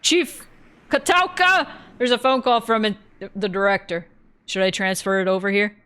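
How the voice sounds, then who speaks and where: Lady reading as a junior cop, just reading lines, mid-pitch, pretty natural. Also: fairly even intonation, a little fast, a bit bright, clear, resonant tone, close to an everyday voice. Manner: plain read-aloud delivery.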